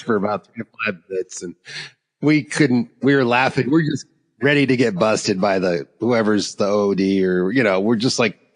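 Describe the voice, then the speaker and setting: Animated male podcast host in a reverberant room. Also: lowish voice, normal speed. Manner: animated, laughs through his stories. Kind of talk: casual storytelling chat.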